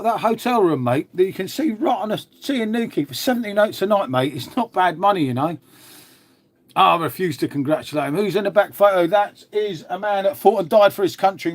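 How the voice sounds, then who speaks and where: A middle-aged man, hosting a casual live stream, chatting bluntly with viewers, swearing freely and calling them mate. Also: a little high. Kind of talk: casual live chat reading comments.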